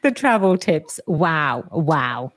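A woman hosting an interview, enthusiastic and expressive as she responds to her guest. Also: deep voice, slow. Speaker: interview host. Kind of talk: podcast interview.

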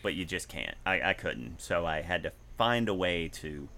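Lively low-voiced man chatting about music. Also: moderate pace, creaky, a little hiss or hum. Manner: animated, rambling with restarts, sings snippets. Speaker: podcast co-host and musician. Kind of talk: casual chat. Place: home garage.

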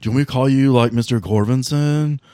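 A man voicing an excitable young male vape bro who gushes in breathless bro-speak. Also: mid-range voice, normal speed, dry recording, clean studio sound, lightly acted. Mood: excited.

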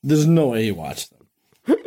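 A man's voice: medium pitch, sing-song, moderate pace, mellow. A man co-hosting a podcast who chimes in briefly on a movie recap, laughing and stammering as he talks. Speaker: podcast co-host. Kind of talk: casual movie recap chat.

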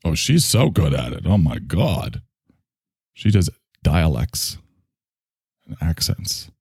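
Male stream host, low voice that swings up and down, rambling, self-reflective, profane. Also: expressive, slow pace, pauses often, a little mellow, breathy edge, no echo, studio quality. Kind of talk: casual monologue to an online audience.

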